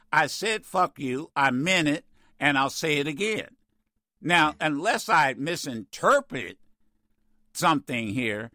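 A man's voice: fairly high pitch, sharp tone, no room sound. A man hosting a call-in radio talk show, blunt and emphatic, often restarting his sentences as he thinks, speaking into a studio mic.

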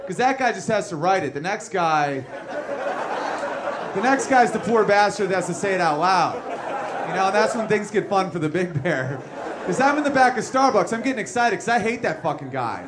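A man's voice: sits high, expressive, moderate pace. A man in his thirties doing a crude, boastful stand-up set, acting out the characters in his story. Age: 30s. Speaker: stand-up comedian. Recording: noisy live room with crowd laughter.

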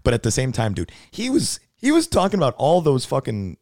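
A man's voice: mid-range voice, huge pitch swings, fairly quick, a little mellow, no echo, clean studio sound. A young man co-hosting a podcast in casual chat, talking loosely, swearing a lot and repeating himself. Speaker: podcast co-host.

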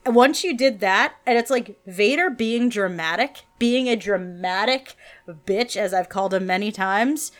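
A young woman co-hosting a podcast, chatting casually and animatedly with many quick asides. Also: medium pitch. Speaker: podcast co-host. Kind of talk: casual fan chat.

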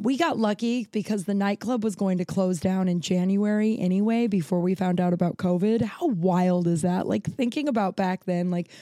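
A woman's voice: mid-range voice, a little mellow, no echo. A woman in her thirties hosting a podcast alone, rambling casually with lots of fillers and restarts, tired and yawning. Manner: rambling, filler-heavy, self-interrupting. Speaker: podcast host. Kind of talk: casual solo chat. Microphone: home recording setup.

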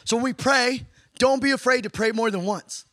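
A man leads a casual sermon-style lesson, his voice sitting high and lively. He jumps into playful asides to his audience. The sound is dry and close, with no room echo. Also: moderate pace. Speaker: preacher teaching a class on prayer. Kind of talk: conversational sermon teaching.

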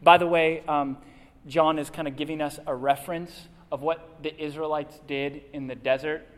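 A man's voice: on the high side, steady tone, normal speed. A man preaching a sermon as a pastor, earnest, posing questions to the congregation and answering them himself. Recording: long reverb of a large hall.

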